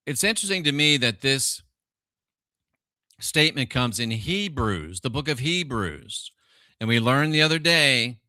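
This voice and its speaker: A middle-aged man hosting a live stream, his voice very bright and sharp. He keeps asking rhetorical questions and greets viewers by name. The sound is dry and close, with no room echo. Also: mid-range voice. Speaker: livestream host.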